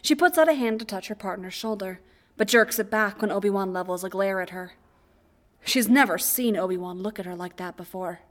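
A woman narrating fan fiction aloud as an audiobook, in a quiet, even storytelling voice. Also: medium pitch, a little fast.

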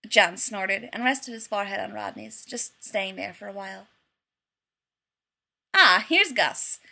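A woman's voice: medium pitch, fairly even intonation, moderate pace, vocal fry, sharp tone. A woman narrating a story expressively in an audiobook reading.

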